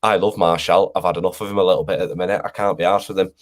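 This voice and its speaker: A man on a football fan panel rants in exasperation and swears freely. His voice sits a little low. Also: steady tone, very fast. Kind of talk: casual fan panel chat.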